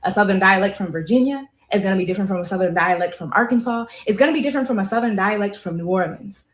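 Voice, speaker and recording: A woman's voice: medium pitch, roomy sound. A woman, giving emphatic, conversational commentary to camera. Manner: emphatic, conversational, drawn-out stresses.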